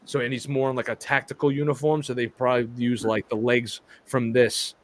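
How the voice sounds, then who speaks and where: A man's voice: mid-range voice, level tone, brisk. A man hosting a live toy chat stream, talking casually with lots of restarts and stumbles and some casual swearing.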